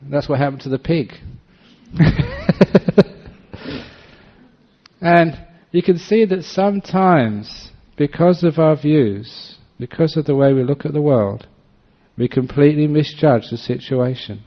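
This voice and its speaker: A man's voice: fairly high pitch, normal speed. A man speaking as a Buddhist monk in a dharma talk, telling anecdotes and often laughing. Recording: dull lo-fi recording.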